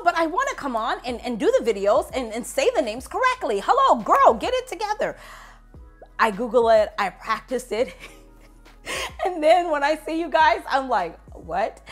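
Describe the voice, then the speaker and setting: A woman vlogger chatting through a casual fragrance review, animated and playful, jumping from loud exclamations to low asides. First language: English.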